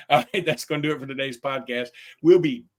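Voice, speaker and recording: A man hosting a podcast, chatting casually about college sports and telling lively stories. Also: mid-range voice, moderate pace. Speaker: podcast host.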